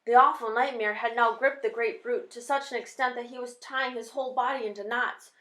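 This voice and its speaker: A woman reading a children's novel aloud with steady, expressive storytelling. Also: a little high, a little fast. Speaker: reader. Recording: roomy echo.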